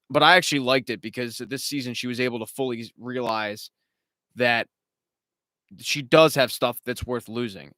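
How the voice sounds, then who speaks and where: A man in mid-range pitch talks over a home stream mic in a dry, close room. He rambles casually, swears freely and now and then mocks the characters in put-on voices. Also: fairly bright tone, dry recording. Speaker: show host. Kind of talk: live-stream TV recap chat.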